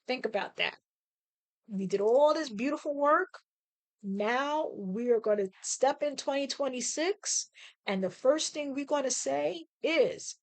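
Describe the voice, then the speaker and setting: Lady podcast host walking you thru journaling prompts, kinda high voice, takes her time, lots of okays. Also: lively intonation. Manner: soothing coaching, slow deliberate prompts with frequent okays. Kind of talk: guided journaling and breathing exercise.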